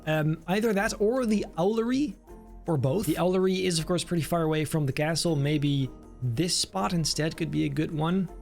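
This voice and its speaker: Chatty man with a fairly high voice. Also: moderate pace, vocal fry, faint music behind. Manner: enthusiastic, chatty, thinking aloud. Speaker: game video creator. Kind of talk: casual gameplay commentary.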